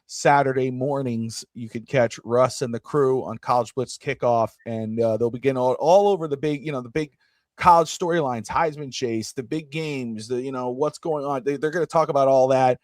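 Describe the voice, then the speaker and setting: A man hosting a sports podcast in casual chat, rambling and animated as he drifts into side comments. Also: mid-range voice, normal speed, dry recording, clean studio sound. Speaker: podcast host.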